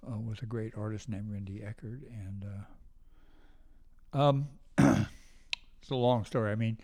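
A man's voice: on the low side, steady tone, a little slow, gravelly, darkish tone. An older man telling rambling anecdotes as an interview guest, often acting out the voices of people he quotes. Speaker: guest musician. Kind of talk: casual storytelling interview.

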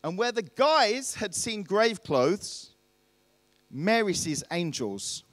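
A man with a notably high voice delivers a storytelling sermon, talking to his listeners conversationally and posing questions as he goes. The sound is close and dry, with almost no room echo. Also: sing-song, slow, fairly bright tone. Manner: conversational, asks rhetorical questions. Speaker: preacher.

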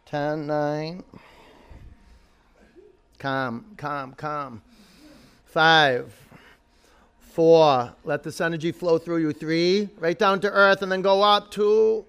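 Guy yoga teacher, kinda high voice, counting down poses and pushing the class along. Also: steady tone, slow, fairly bright tone, a little hiss or hum. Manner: counts down poses, coaching and encouraging students by name. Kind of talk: instructing a live yoga class.

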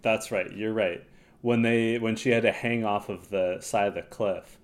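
A man's voice: lowish voice, steady tone, unhurried. A man co-hosting a podcast, chatting casually and bluntly about a reality show and laughing often. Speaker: podcast co-host.

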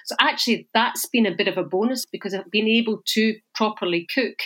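A middle-aged woman from Scotland and north-east England chats as an interview guest. She talks in a relaxed, halting way, often repeating a word before going on. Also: mid-range voice. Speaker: interview guest, event presenter. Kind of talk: casual conversational interview.

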